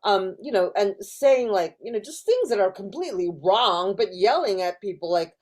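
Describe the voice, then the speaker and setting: A woman's voice: mid-range voice, animated, normal speed, a little mellow. A middle-aged woman professor talking in an interview over a video call, thoughtful, with many fillers and restarts. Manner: thoughtful, lots of fillers and restarts, acts out quoted voices. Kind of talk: casual academic discussion. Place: in California.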